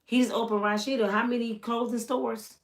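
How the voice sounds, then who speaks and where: Speaking fairly quickly in a level, slightly high voice, a middle-aged woman from the United States hosts a channel. Her gossip commentary is casual, teasing, drawling and chatty.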